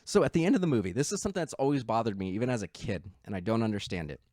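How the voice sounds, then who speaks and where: A man co-hosting a podcast, retelling a film in animated casual chat and acting out its lines. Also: on the low side, rapid-fire, no echo, studio quality. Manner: animated storytelling, acts out quotes. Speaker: podcast co-host.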